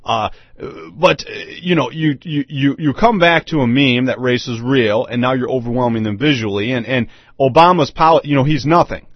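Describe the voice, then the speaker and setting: A man's voice: medium pitch, normal speed, no room sound. A man hosting a solo talk monologue, emphatic and repeating his rhetorical questions. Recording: dull, lo-fi dry sound.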